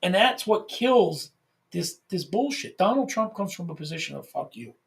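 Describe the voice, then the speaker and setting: A man's voice: high-pitched, lively intonation, moderate pace, gravelly, fairly bright tone. A man co-hosting a casual podcast, talking animatedly, swearing freely and restarting his phrases. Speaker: podcast co-host.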